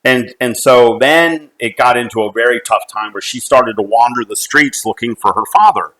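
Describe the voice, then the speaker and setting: Middle-aged man, mid pitch, earnest, halting, personal storytelling, restarts often. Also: sharp tone, rough recording. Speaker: company CEO.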